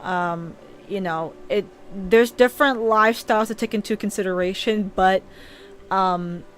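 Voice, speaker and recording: A young woman who streams and animates chats casually and earnestly about her dreams on a live stream, her voice medium-pitched and unhurried. She often stumbles and restarts her sentences, growing teary and emotional as she goes.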